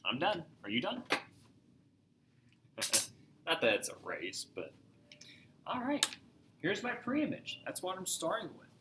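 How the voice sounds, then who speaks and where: A man's voice: high-pitched, huge pitch swings, measured pace, pauses often, noisy background. A man teaching a recorded math lesson, upbeat and joking, talking straight to his viewers as he works through examples.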